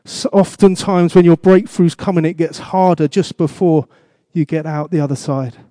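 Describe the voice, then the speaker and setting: A man's voice: on the high side, steady tone, normal speed, warm tone, no room sound, clean studio sound. A man preaching a sermon as pastor, asking the congregation questions and repeating his exhortations.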